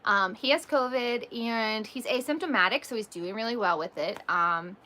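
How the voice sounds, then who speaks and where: Bright-voiced chatty woman vlogger. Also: a little high, normal speed. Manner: chatty, laughs often, many ums. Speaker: vlogger and mother. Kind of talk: casual livestream storytelling.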